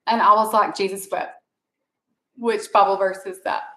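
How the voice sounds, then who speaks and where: Bright-voiced Southern woman chatting. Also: medium pitch, fairly even intonation, a little fast. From American South. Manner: chatty, rambling storyteller. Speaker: vlogger, mother. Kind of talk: casual chat. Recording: echoey room.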